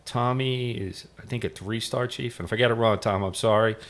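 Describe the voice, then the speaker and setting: A man's voice: fairly low pitch, steady tone, a little fast. A middle-aged man, a retired firefighter, telling firehouse stories in a rambling, casual way, full of "you know" fillers. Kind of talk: casual storytelling interview.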